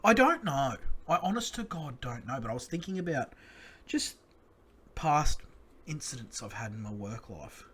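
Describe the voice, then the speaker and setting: Australian man, podcast host, crude yarn-spinner, mid-pitched voice. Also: moderate pace, husky. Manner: crude, animated storyteller. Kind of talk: casual sports podcast chat.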